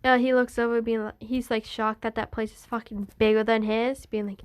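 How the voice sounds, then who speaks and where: A woman's voice: a little high, level tone, moderate pace, few pauses, clean tone. A young woman casually telling a fan story, rambling with many fillers and restarts.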